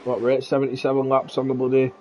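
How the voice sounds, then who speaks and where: A man's voice: mid-range voice, completely flat delivery, quick pace, warm tone, slight background noise, low-quality recording. A man co-commentating a live sim race, chatty and laying out strategy and stats.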